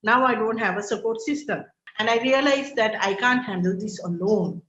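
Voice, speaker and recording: A woman's voice: a little high, fairly bright tone, breathy edge. Earnest woman telling a painful story. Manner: earnest, emotional, halting with fillers. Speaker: podcast guest. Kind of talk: personal story in a podcast interview. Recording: echoey room, dull lo-fi sound.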